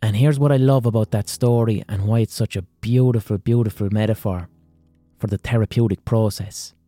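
Podcast guy, swears a lot, low dark voice, faint music. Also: fairly even intonation, brisk, no room sound. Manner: profane, conversational. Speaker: podcast host. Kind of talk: casual storytelling monologue.

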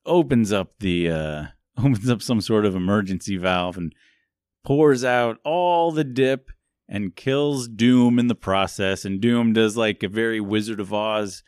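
This podcast co-host has a smooth, slightly mellow, lowish voice and talks at a measured pace. He recaps a film in a loose, jokey, self-deprecating way, full of laughter and "like." The audio is studio quality without echo.

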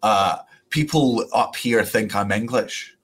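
A man's voice: lowish voice, takes it slowly, breathy edge. A man with a Scottish accent, a comedian chatting as a podcast guest, laughing often and swearing freely. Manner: laughing, swearing, lively storytelling. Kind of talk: casual podcast chat.

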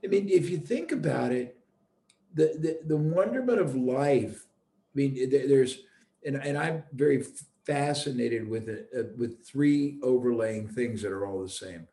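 A man with a gravelly, mellow voice, thinking aloud in a relaxed chat and restarting his phrases as he looks for words. His voice rings a little in an echoey room. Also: medium pitch, a little slow. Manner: thoughtful, restarts, searching for words. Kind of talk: reflective conversational chat.

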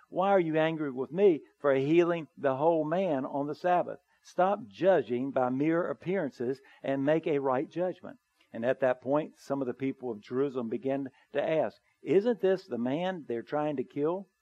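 A man's voice: on the high side, darkish tone, no echo. A man preaching a sermon, praying and then reading scripture aloud with earnest, rising emphasis. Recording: dull, slightly lo-fi dry recording.

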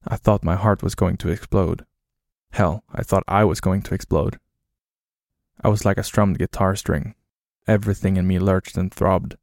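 A man narrating a horror story in a flat, grim, low-key way. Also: normal speed, creaky, no echo, clean studio sound.

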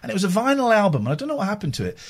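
Husky, teasing radio host. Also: male voice, high voice, sing-song. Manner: teasing, quick-witted, playful. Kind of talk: casual radio banter.

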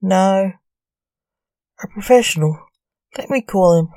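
A woman's voice: mid-range voice, expressive, takes it slowly, dark tone, no echo, studio quality. A woman voicing a gloomy male magician who speaks sadly and plainly. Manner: sad, plain-spoken. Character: gloomy young male magician married to alien.

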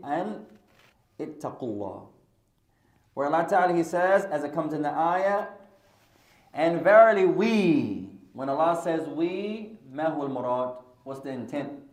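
An Islamic studies teacher, a lively bilingual man with a fairly high voice, gives a classroom lesson in an echoey room, switching between English and Arabic and joking with his students along the way. The clip comes from a podcast recording of the class.

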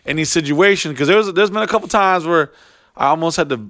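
Male co-host, casual storyteller, raised pitch, dry close sound, lots of swearing and mock voices. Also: fast, no echo. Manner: profane, animated, jumps into high mocking voices for quotes. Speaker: touring artist, podcast co-host.

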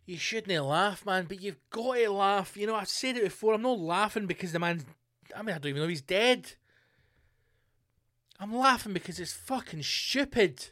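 A man's voice: high voice, expressive, normal speed, pushed and bright, dry recording, clean studio sound. A man hosting a podcast, riffing through a crude, sweary comic monologue. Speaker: podcast host. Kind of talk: casual comedic monologue.

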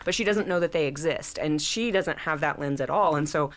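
Low-voiced woman author chatting. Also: fairly quick. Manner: rambling, filler-heavy, upbeat. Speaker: author guest. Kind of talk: casual interview chat.

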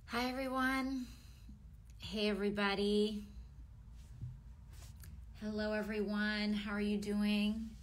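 Woman on a livestream talking to viewers, mid pitch, lots of ums, bit of faint noise behind. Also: level tone, slow pace, pauses often. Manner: hesitant, many ums.

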